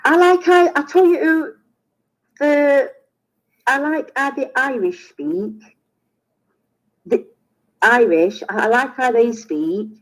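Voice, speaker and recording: A woman's voice: sits high, slow pace, long pauses, low-quality recording. A British woman with a British accent hosting a live stream, chatting casually and trailing off into restarts mid-sentence. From Britain. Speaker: livestream host. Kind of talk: casual chat.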